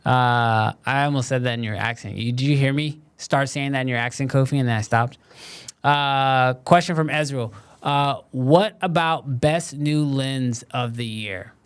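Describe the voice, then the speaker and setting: A man with a smooth, resonant voice hosts a casual live stream and chats loosely with his viewers. He sits at a middle pitch and talks in a relaxed way, with plenty of "um" and "like" between his thoughts. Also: unhurried. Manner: relaxed and conversational, many fillers like "um" and "like".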